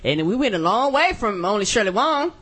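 A woman's voice: medium pitch, sing-song, fairly quick, fairly bright tone. A woman co-hosting a podcast in casual chat, chiming in with short, emphatic interjections. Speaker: podcast co-host.

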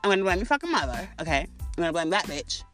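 A woman's voice: on the low side, very animated, fast, a bit bright, soft background music. A British woman hosting a podcast, delivering a furious, mocking, profane rant. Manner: furious, mocking, swearing constantly. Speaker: podcast host. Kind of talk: profane ranting commentary.

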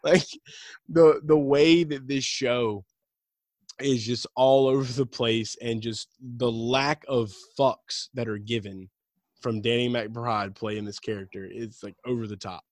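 A young man with a drawl talks through a podcast in loose, swearing chat, breaking into laughter as he retells scenes. His voice sits at an everyday middle pitch. The sound is dry and close to the mic. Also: fairly even intonation, measured pace, darkish tone, no room sound. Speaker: podcast co-host. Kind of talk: casual chat.

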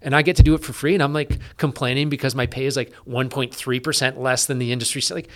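A middle-aged man from Canada, a police officer guest, talking in a casual interview with lots of fillers and restarts. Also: medium pitch. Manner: energetic, quick, with many fillers and restarts.

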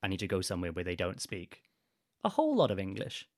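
Lively young man telling a story. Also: sits low, fast talker, no room sound, studio quality. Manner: animated, acts out quoted voices. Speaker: podcast guest, adventurer. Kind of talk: casual storytelling.

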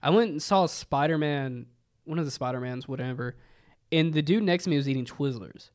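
Young man with a hoarse sick voice. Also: a little high, brisk. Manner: animated, ranting, swears casually. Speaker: podcast co-host. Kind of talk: casual chat.

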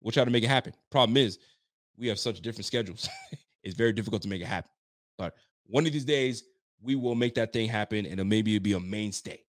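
A man hosting a live sports talk show, excitable and loud, often repeating himself as he talks. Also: lowish voice, quick pace, no room sound, clean studio sound. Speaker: sports podcast host. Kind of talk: casual live show chat.

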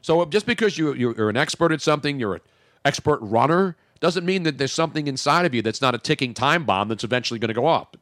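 Lively man hosting radio. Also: medium pitch, fast talker, no echo, clean studio sound. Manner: animated, jokey, talks over co-host. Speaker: radio show host. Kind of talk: casual radio banter.

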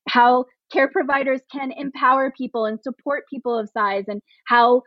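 A woman's voice: high voice, fairly even intonation, normal speed, no room sound, muffled recording. A woman speaking as a podcast guest about her advocacy, earnest and emotional, talking in long runs with many restarts. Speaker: podcast guest, plus-size pregnancy advocate. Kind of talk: conversational interview.

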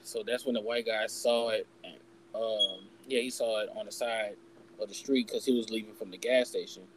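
A man's voice: on the low side, steady tone, moderate pace, a little hiss or hum, poor audio. A young man in casual podcast chat, telling a personal story candidly, swearing freely and acting out what people said. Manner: candid, swears freely, acts out quoted voices. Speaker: podcast host.

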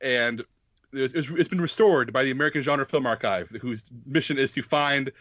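A man's voice: medium pitch, normal speed, fairly bright tone, no room sound, lo-fi sound. A man in a casual film talk, often restarting and repeating words. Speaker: film podcast co-host. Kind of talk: casual chat.

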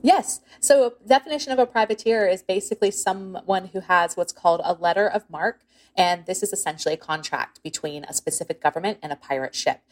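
A woman's voice: fairly low pitch, fairly quick. A woman historian giving an informal, explanatory interview answer with hedging asides. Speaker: pirate historian.

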